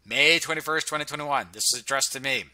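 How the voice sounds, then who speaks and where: A man's voice: on the high side, quick pace, bright, forceful tone, dry recording. A man casually talking through charts on screen, sarcastic and humming filler sounds while he scrolls. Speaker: presenter reviewing health data on screen. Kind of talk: casual screen-share commentary.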